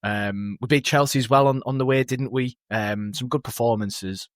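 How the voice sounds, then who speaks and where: A man's voice: mid-range voice, normal speed, no room sound, studio quality. A man on a casual football podcast panel, laid-back and rambling, often chuckling.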